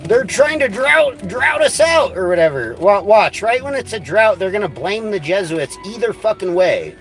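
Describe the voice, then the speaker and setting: A man's voice: high-pitched, very animated, unhurried, a bit bright, faint music behind. A man ranting on a livestream, angry, crude and rambling. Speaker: livestream host.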